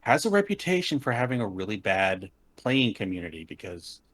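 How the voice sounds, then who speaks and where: Lower-voiced man panelist, wry and opinionated, casual delivery. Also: sing-song, fairly quick, a bit bright. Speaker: cosplay panelist. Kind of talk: casual podcast panel chat.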